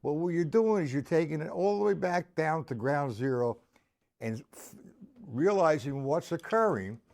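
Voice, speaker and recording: Teaching drums on a live stream, this man speaks at a normal speed in a slightly high, animated, somewhat mellow voice. He walks through each step and addresses viewers by name, keeping it blunt and informal and cursing now and then.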